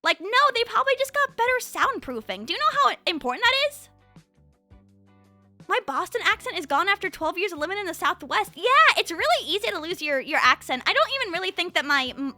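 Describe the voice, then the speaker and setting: A young woman streamer talks casually to her chat over a condenser mic. Her voice sits high and very lively, rising into excited near-yells and dropping to low, quiet murmurs. Faint music plays underneath. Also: brisk. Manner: animated, swings between high excited and low quiet tones.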